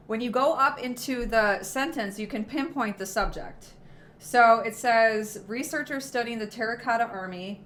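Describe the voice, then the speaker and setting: A young woman leads a casual test prep lesson in a bright, clear voice. She talks in a chatty, encouraging way, correcting herself as she goes. A faint hiss sits under the recording. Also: medium pitch.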